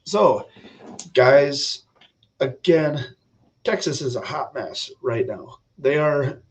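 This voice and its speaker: A man's voice: mid-range voice, lively intonation, slow pace. A man hosting a casual political livestream, talking bluntly and opinionated, rambling with frequent restarts. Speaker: livestream host.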